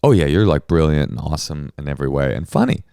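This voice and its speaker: Lively-pitched man telling funny stories. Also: fast talker, vocal fry, smooth, no room sound, studio quality. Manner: animated storyteller, acts out quotes. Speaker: podcast co-host. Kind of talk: casual comedic chat.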